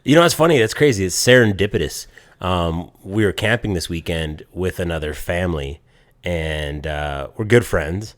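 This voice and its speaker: Very deep-voiced wisecracking man. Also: expressive, no echo. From Canada. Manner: wisecracking, quick teasing asides. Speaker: podcast co-host. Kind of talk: casual chat.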